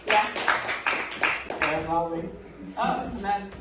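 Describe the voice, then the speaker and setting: A woman's voice: mid-range voice, drawn-out words, very echoey, recorded from a distance, very noisy. Russian-born woman with a British accent. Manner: chatty, self-mocking, hesitant fillers. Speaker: stand-up comedian. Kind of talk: stand-up comedy set.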